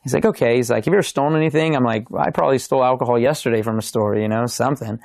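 Young man, gravelly, dry close mic; animated testimony with quoted dialogue. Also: mid-range voice, racing, no room sound. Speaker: podcast guest. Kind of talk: casual testimony storytelling.

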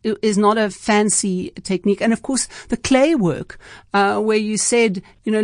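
Host: woman, conversational, halting restarts, dry close sound, mid pitch. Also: steady tone, dry recording. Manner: hesitant, many restarts and fillers, affirming. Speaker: interviewer, host. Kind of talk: conversational interview.

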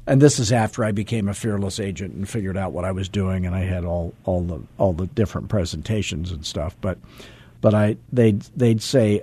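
A man's voice: mid-range voice, no echo. A man in his sixties, a real estate coach, telling a self-deprecating story on a call and acting out the dialogue. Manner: animated, acts out quoted dialogue; self-deprecating, chuckles often.

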